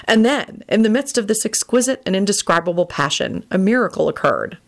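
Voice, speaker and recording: A woman reading a romance story aloud in an expressive storytelling manner. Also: medium pitch, brisk, vocal fry. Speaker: reader.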